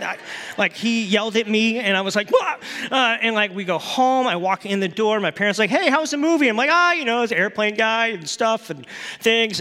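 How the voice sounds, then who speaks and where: A middle-aged man preaching a sermon, telling a story from his youth with lively acted-out voices. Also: sits high, in a large hall. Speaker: pastor.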